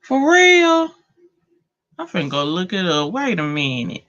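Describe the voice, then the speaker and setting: A Southern-accented woman hosts a livestream, chatting casually with viewers in a slangy, laid-back way and talking to the chat. Her voice sits low, fairly quick and fairly bright, with big pitch swings, captured on a phone as dull lo-fi audio.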